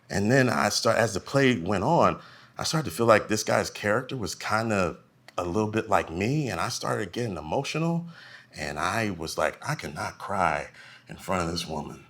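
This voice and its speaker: A man in his forties doing a stand-up comedy set, telling stories and acting out the people in them. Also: low-pitched. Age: 40s. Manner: animated storytelling, acting out voices. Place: live comedy venue.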